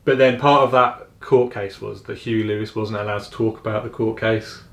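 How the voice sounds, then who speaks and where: A man's voice: on the low side, fairly even intonation, moderate pace, creaky, fairly bright tone, a little hiss or hum. A young man co-hosting a casual film chat, rambling and laughing often. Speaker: podcast co-host. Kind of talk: casual chat about films. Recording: echoey room.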